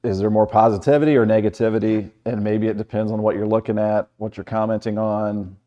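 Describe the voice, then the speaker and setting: A man co-hosting a casual talk show, laid-back and quick to laugh. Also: on the low side, level tone, mellow. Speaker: meteorologist and co-host.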